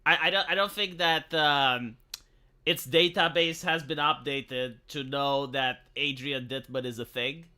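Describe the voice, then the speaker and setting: A man's voice: fairly high pitch, fairly even intonation, measured pace, pushed and bright, clean tone. Rambling Romanian man streaming live. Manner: rambling, profane, frequent restarts. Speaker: live streamer reacting to a video. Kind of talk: casual live-stream commentary.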